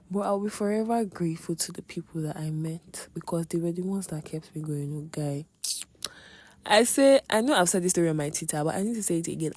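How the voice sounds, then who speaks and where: A woman's voice: on the low side, warm tone. Woman sharing an emotional testimony. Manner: emotional, candid storytelling with dramatic asides. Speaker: podcast host. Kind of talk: personal testimony monologue.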